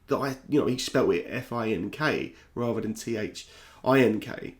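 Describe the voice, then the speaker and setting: A man's voice: medium pitch, expressive, a little fast. A young man from South London with a South London accent, speaking candidly to camera in a reflective vlog, often stopping to restart his sentences. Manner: candid, restless, repeats himself and restarts. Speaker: YouTuber. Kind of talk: reflective talking-head vlog.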